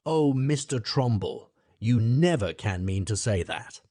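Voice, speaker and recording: A man's voice: medium pitch, lively intonation, unhurried, a little mellow, no room sound, studio quality. A man reading the part of a gloomy, anxious older woman in an audiobook. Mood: dismayed. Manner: plaintive, anxious. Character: gloomy, unhopeful older countrywoman.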